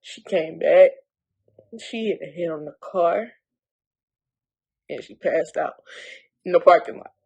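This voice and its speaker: Young woman with a gravelly voice. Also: lowish voice, slow, pauses often, a little mellow, poor audio. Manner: emotional, blunt, holding back tears. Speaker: vlogger. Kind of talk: storytime vlog.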